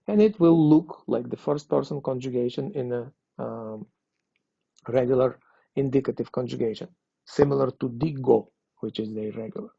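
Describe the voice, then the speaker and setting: Guy teaching grammar, husky and a bit gravelly, keeps asking okay?, dull dry recording. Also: medium pitch, dark tone, dry recording. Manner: patient, repeats and checks with "okay?". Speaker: language teacher. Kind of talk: explaining grammar in a recorded lesson.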